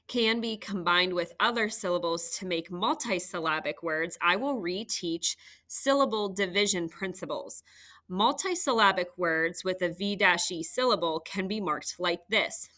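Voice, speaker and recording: A woman's voice: on the low side, measured pace, bright, forceful tone. A woman teaching a third grade phonics lesson, patiently sounding out words for students at home.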